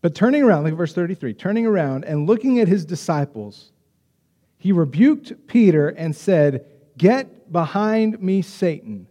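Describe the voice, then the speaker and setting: High-voiced preacher in a reverberant hall. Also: male voice, muffled recording. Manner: conversational, animated preaching with quick acted asides. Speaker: pastor. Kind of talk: sermon.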